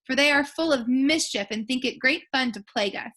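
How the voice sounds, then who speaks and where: A woman voicing a tiny, squeaky, kindly queen of the mice in a storybook read-aloud. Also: a little fast, sharp tone.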